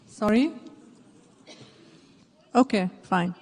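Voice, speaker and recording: A woman's voice: medium pitch, expressive, extremely slow, a little mellow. A woman moderating a town hall, directing the floor and calling on speakers. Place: large meeting hall. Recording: long hall reverb with crowd behind.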